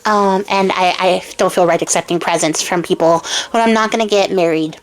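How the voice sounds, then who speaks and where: A woman's voice: on the low side, fairly even intonation, a little fast, close to an everyday voice, poor audio. A woman voicing a rich, fussy young princess in a fairy tale, talking in a breezy, offhand way.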